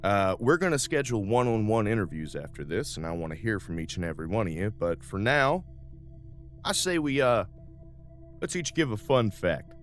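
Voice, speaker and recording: A man's voice: fairly low pitch, expressive, normal speed, faint music behind, natural voice. A man voicing a genial, rambling starship captain of about seventy, talking in a folksy, chatty way.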